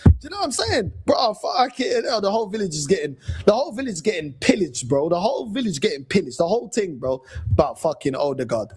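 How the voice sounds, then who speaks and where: Man, London accent, high voice, casual mocking rant, slangy. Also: big pitch swings, fast talker, darkish tone, breathy edge. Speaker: fan channel host.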